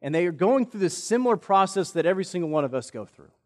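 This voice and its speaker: A man's voice: high-pitched, fast. A male pastor preaching a sermon, telling a personal story in an earnest way. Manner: earnest storytelling, quotes others in lively voices. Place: church sanctuary. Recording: long church reverb.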